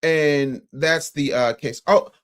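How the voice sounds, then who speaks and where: A man's voice: fairly high pitch, expressive, normal speed. An American man hosting a morning news livestream, talking bluntly and sarcastically while reading the chat. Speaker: morning news show host.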